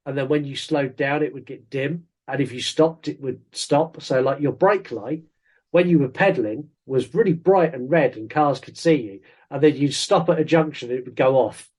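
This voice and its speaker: A man co-hosts a podcast, reviewing a horror film in a casual, joking way, rambling and interrupting himself. His medium-pitched voice is husky with a darkish tone, at a moderate pace.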